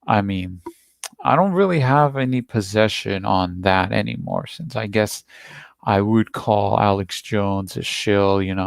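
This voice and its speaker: A man's voice: fairly low pitch, gravelly, clean tone, dry recording. A man hosting a reaction video, talking through a played clip in a rambling, repetitive, defensive way. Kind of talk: casual commentary on a played clip.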